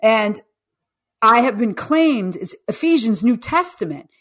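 Woman in her 50s on a podcast, tells stories all lively, acts out the quotes. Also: on the high side, measured pace. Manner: animated storyteller who acts out quoted speech. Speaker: guest, coach and author. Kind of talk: podcast interview.

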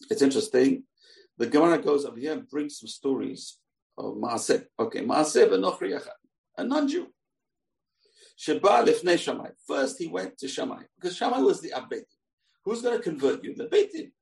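Gravelly animated man telling a Talmud story. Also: a little high, far from the mic. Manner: animated, acts out the characters' lines. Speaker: Torah teacher.

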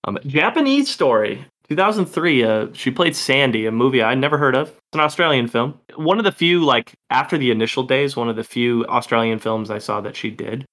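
A man's voice: medium pitch, expressive, a little fast, few pauses, fairly bright tone. A man co-hosting a casual film podcast, chatty and loose, swearing now and then. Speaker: podcast co-host.

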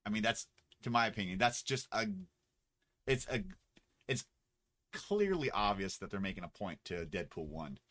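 Rambling low-voiced man co-host. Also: animated, normal speed, pauses often, a bit bright. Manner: rambling, fumbles for names, jokey asides. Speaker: podcast co-host. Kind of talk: casual chat.

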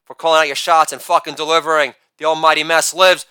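A man in his forties delivering a rapid-fire joke monologue, brash and crude, with loud shouted catchphrases. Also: on the high side, little pitch movement, clear, resonant tone, dry recording. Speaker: comedian.

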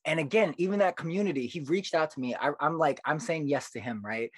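A man's voice: on the high side, fast talker, husky, no echo. Earnest man telling stories, dry sound. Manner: earnest, animated storytelling. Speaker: poet guest. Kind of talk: casual podcast conversation.

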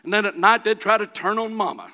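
A middle-aged man preaching a sermon, telling a folksy personal story that builds to shouting. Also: high-pitched, animated, quick pace.

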